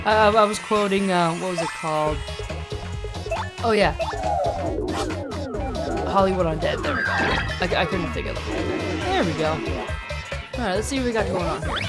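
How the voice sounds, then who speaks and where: A woman's voice: mid-range voice, expressive, normal speed, pauses often. A woman hosting a let's-play, rambling and self-mocking with laughs in casual gameplay commentary. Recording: game music behind.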